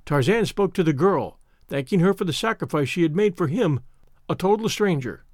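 A man reading an adventure novel aloud as an audiobook narrator. His voice sits fairly high and moves a lot, and the recording is dry and close, with no room sound. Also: expressive, normal speed, darkish tone, dry recording. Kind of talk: scripted narration.

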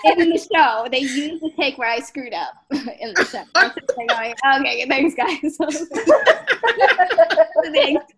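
A woman's voice: high voice, very animated, slow pace, pauses often, a crowd in the background. A young woman telling stories as a podcast guest, chatty and giggly, full of "like". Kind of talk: casual storytelling.

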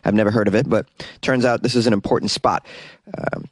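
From a small closet, a male podcast host with a lowish, steady voice reads weird-news stories for a comedic show at a fairly quick clip, often drifting into rambling, self-mocking asides. The recording is dry.

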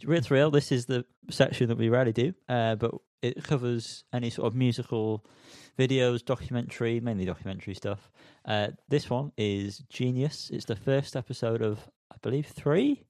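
A man's voice: mid-range voice, moderate pace, few pauses, a little mellow, no room sound, studio quality. A man hosting a casual music news podcast, chatty and self-mocking as he reads out the news. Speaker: podcast host.

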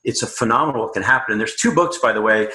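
A man's voice: mid-range voice, very fast, pushed and bright, reverberant. A man speaking as a guest coach in a casual interview, upbeat, emphatic and motivational.

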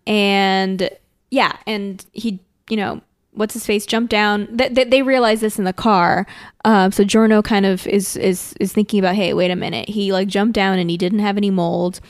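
A woman with a mid-range voice chats through an episode recap with friends. She pauses often, searches for names, and slips into quoted lines as she retells the story. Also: mid-range voice, fairly even intonation. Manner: chatty, hesitant, recounts plot with quoted lines. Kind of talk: casual anime recap chat.

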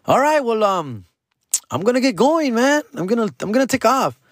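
A man's voice: very high-pitched, big pitch swings, moderate pace, no room sound, voice pushed up, heavily acted. A man voicing a laid-back young male teacher trying to act cool, in a slangy, eager-to-please drawl. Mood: awkward.

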